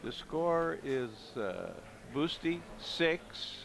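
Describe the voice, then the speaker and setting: A man's voice: on the high side, sing-song, extremely slow, gravelly, fairly bright tone, a little hiss or hum. A man commentating a pool match live, analyzing each shot and thinking aloud, often trailing off mid-sentence.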